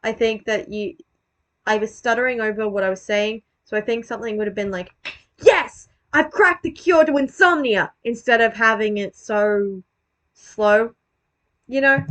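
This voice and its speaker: A woman's voice: medium pitch, fairly even intonation, moderate pace, fairly bright tone. A woman giving casual, self-deprecating commentary on her own old video, rambling, swearing and restarting her sentences.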